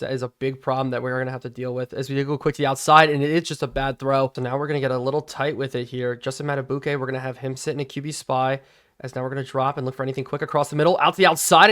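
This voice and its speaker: A young man hosting a gaming video, giving excitable play-by-play commentary on a football video game he is playing from his home studio, swinging from calm analysis to shouting. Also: mid-range voice. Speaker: gaming channel host.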